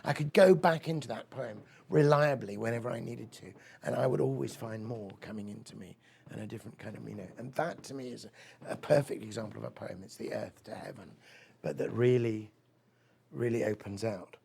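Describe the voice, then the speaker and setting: Gravelly, husky man telling a story. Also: lowish voice, fairly quick, a little mellow. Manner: rambling, enthusiastic, many fillers. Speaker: speaker at a weekend of talks. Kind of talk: storytelling talk with recited poetry.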